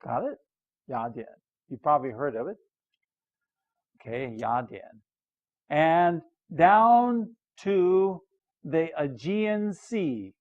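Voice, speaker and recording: An older American man teaches English at a very slow, deliberate pace. He reads a story line by line, repeating phrases and checking that his listeners understand. His fairly high voice comes through dull, lo-fi audio. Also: animated. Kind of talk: slow explanatory lesson, reading a story aloud.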